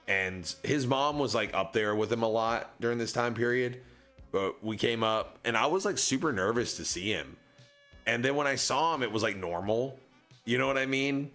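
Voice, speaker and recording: A man's voice: mid-range voice, expressive, moderate pace, a bit bright, soft background music. A young man streaming, telling a long personal story in a casual, rambling way, full of fillers and acted-out dialogue.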